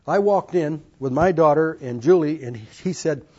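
A man's voice: a little high, normal speed, darkish tone, breathy edge, dull audio. Older man, earnest folksy storyteller. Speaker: speaker telling his life story. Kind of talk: personal testimony to an audience.

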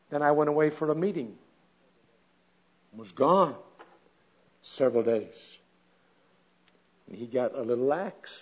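A man with a slightly higher voice than most tells a folksy sermon story in a plain, chatty way. Now and then he bursts into loud, animated exclamations. The recording sounds dull and lo-fi. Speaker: speaker at a women's gathering.

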